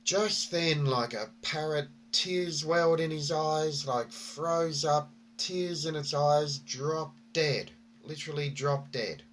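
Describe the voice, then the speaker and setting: A man's voice: on the high side, slow, few pauses, fairly bright tone, slight background noise. A man vlogging, telling a story and reflecting in a rambling way with many fillers and restarts.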